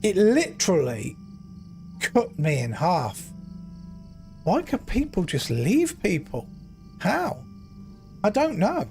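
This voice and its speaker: A middle-aged man streaming a game, telling an emotional story in an earnest, animated way. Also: sits high, slow, creaky, pauses often, soft background music. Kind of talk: casual storytelling while gaming.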